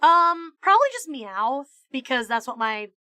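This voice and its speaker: A woman's voice: sits high, unhurried, clean tone, no echo, clean studio sound. A woman streamer chatting casually on a live stream, mock-ranting with plenty of swearing and stammered restarts. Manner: animated, profane mock-ranting. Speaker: VTuber streamer.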